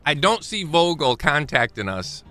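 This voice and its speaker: A man's voice: fairly high pitch, very animated, moderate pace, pushed and bright, soft background music. A young man streaming a game live, thinking aloud and rambling as he corrects himself mid-thought. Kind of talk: live gameplay commentary.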